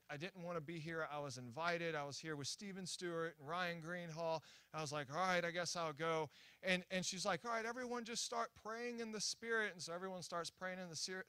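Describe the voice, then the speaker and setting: A young man preaching at a church, telling a story in an animated, excitable way with many restarts and acted-out quotes. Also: high voice, dry recording. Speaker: guest preacher. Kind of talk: sermon storytelling. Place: church sanctuary.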